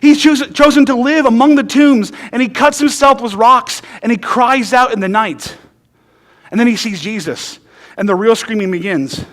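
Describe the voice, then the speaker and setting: Male pastor, very high voice for a man, casual and funny sermon delivery with emphatic storytelling. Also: expressive, moderate pace, fairly bright tone. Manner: conversational and humorous, often asks "right?".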